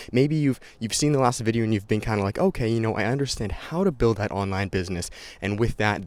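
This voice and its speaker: A man's voice: on the low side, no echo. A young man talking casually and energetically to a handheld camera outdoors by a stream, slightly out of breath. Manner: energetic, chatty, repeats himself. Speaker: vlogger. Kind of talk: casual vlog talk to camera. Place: outdoors in a forest valley by a stream. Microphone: handheld camera at arm's length.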